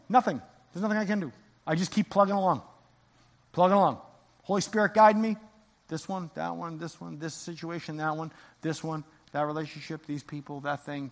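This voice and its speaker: A man's voice: on the high side, brisk. A man preaching an impassioned sermon as pastor in a church sanctuary. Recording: long church reverb.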